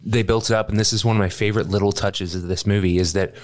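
A man's voice: on the low side, fairly even intonation, fast. A man co-hosting a podcast in casual movie chat, laid-back with dry quips. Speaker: podcast co-host.

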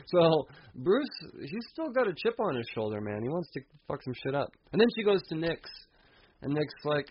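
A man's voice: fairly high pitch, very animated, normal speed, slightly rough. A man giving a casual, profane comic book review vlog, chuckling as he talks. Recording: dull lo-fi recording.

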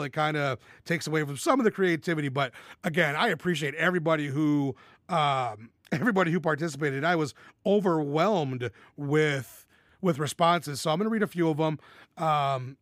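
Casual male podcast host, slightly high voice, cursing freely, dry close sound. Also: a bit bright, no echo. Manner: profane, blunt, enthusiastic.

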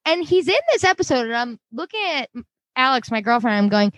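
A woman co-hosting a podcast in casual chat, excitable and swearing freely. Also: on the high side, fast talker, dry recording. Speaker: podcast co-host.

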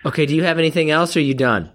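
A man's voice: fairly high pitch, rapid-fire, a bit bright. A man co-hosting a podcast in casual chat, blunt and teasing. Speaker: podcast co-host.

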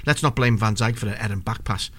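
A man's voice: on the low side, quick pace, a bit bright. A man, co-hosting a casual football chat and telling rambling anecdotes with lots of restarts. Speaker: podcast co-host.

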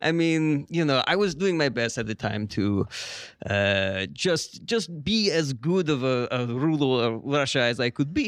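A man's voice: medium pitch, expressive, a little slow, no echo, studio quality, close to an everyday voice. A man improvising Stalin as a rambling, folksy guest who keeps saying "you know" at a live comedy podcast taping. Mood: defensive. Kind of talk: improvised comedy role-play. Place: live comedy show in an art space.

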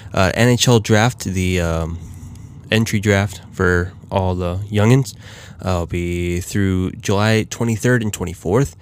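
A man's voice: deep voice, unhurried, a little hiss or hum. A man hosting a casual solo hockey talk, rambling with many fillers and restarts. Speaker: hockey podcast host.

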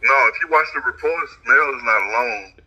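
A man's voice: mid-range voice, a little fast, sharp tone, husky, dull audio. A man co-hosting a comedy podcast, teasing and joking in casual banter. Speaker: podcast co-host.

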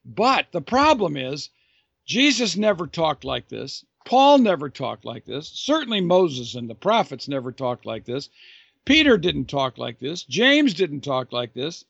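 A man's voice: a little high, sing-song, unhurried, vocal fry, fairly bright tone, breathy edge, no echo, dull audio. A man answering a listener's question as an author and Bible teacher, talking earnestly and with emphasis, often restarting and repeating phrases. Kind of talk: thoughtful unscripted explanation.

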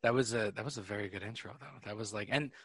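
A man hosting a podcast in casual chat, excitable and rambling, swearing freely. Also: fairly low pitch, fast talker, slightly rough, dry recording, studio quality. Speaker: podcast host.

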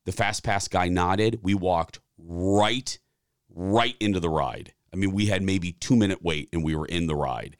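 A man in his forties co-hosting a podcast, telling a story with animated delivery and acted-out dialogue. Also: sits low, measured pace, clear, resonant tone, no room sound, studio quality. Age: 40s. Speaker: podcast co-host. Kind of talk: casual chat.

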